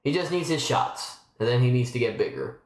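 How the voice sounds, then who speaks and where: A man's voice: mid-range voice, very animated, fairly quick, reverberant. A man live-streaming from home, chatting in a rambling, casual way with lots of restarts. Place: home room.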